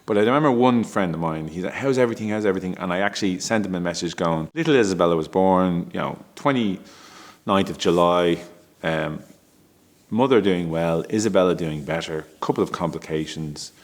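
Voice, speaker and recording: A middle-aged man with a very deep, low-pitched voice tells a personal story about his family. He speaks candidly and emotionally, often stumbling, restarting his sentences and breaking into small laughs. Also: moderate pace. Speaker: father telling a personal story.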